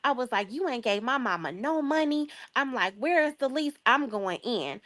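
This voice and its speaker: A young adult woman from the Chicago area, a guest telling a long story in a casual chat, lively and acting out the voices of the people in it. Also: high-pitched, moderate pace. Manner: lively, acts out quoted voices, laughs often.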